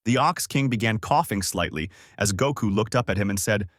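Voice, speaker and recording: A man narrates a fan story in a plain, steady way. His pitch is in the middle range but moves around a lot. The sound is dry and close. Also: a little fast, no echo.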